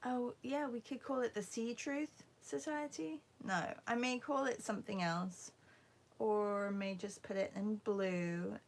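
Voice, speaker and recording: A woman leads a relaxed livestream art class, taking her time as she chats and greets viewers by name. Her mid-range voice carries a gravelly fry, and now and then she drops into a near whisper. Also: mid-range voice, unhurried. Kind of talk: casual livestream art lesson.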